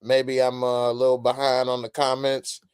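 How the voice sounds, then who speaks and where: A man hosting a casual live-stream reaction, reading chat comments, animated with loud bursts and frequent laughs. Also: mid-range voice, moderate pace, clear, resonant tone, no echo, studio quality.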